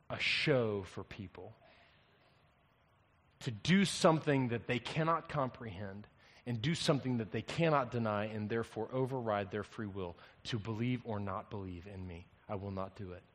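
A man voicing Jesus as calm and resolute, speaking slowly and hushed. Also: lowish voice, voice pushed down, close to an everyday voice. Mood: firm. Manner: slow, hushed, deliberate. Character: calm, resolute male Jesus, quietly firm.

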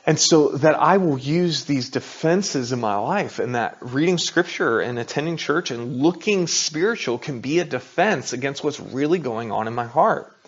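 A man's voice: mid-range voice, lively intonation, moderate pace, few pauses, breathy edge, dull audio. A middle-aged man preaching a sermon as a pastor, talking in a conversational, confessional way with frequent rhetorical asides.

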